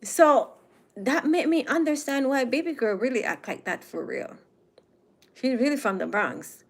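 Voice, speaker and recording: A woman's voice: high voice, lively intonation, measured pace. A woman from Jamaica with a Jamaican accent, giving a casual, opinionated commentary monologue and stretching out her emphatic phrases. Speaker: commentary host.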